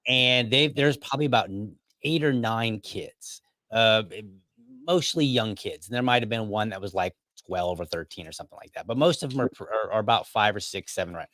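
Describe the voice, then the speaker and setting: A man's voice: on the low side, brisk, fairly bright tone, no room sound. A man hosting a podcast, telling a story casually with many restarts and asides. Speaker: podcast host.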